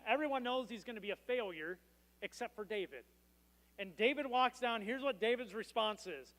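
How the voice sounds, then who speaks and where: A man's voice: extremely high pitch, a bit bright. A man preaching a sermon as pastor, with a casual, joking storytelling manner. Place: church. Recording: long reverb in a church hall.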